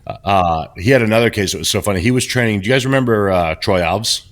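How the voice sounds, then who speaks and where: Middle-aged guy on a podcast call, really low voice, candid storyteller. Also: fast talker. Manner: candid, animated storytelling with restarts. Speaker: podcast co-host. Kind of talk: casual podcast chat.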